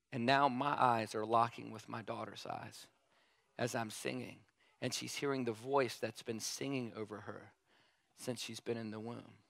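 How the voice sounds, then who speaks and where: A man preaching a sermon in a casual, animated way, telling a story and repeating emphatic refrains. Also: on the high side, no echo.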